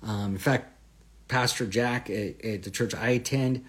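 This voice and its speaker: Man, host of a live Bible study; earnest, chatty teacher who asks questions and punches key verses. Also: a little slow. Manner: swells louder and higher on scripture phrases.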